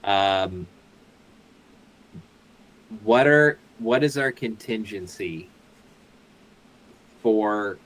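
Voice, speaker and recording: A man's voice: on the low side, expressive, extremely slow, long pauses, a bit bright, rough recording. A man playing in a tabletop game, thinking aloud and correcting himself as he plans. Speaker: player. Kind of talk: casual chat at a tabletop game.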